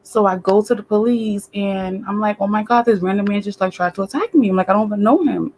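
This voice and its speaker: An animated woman tells a story in a casual, streetwise way, swearing freely and acting out other people's voices. She speaks at an ordinary pitch. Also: fast talker, slight background noise. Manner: animated, profane, acts out voices. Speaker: guest.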